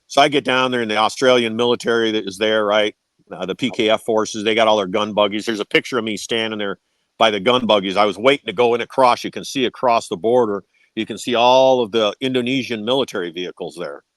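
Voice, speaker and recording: A man's voice: fairly low pitch, fast talker, fairly bright tone, no room sound. A man telling war stories as a podcast guest, swearing freely and tagging his sentences with "right?". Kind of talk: casual storytelling.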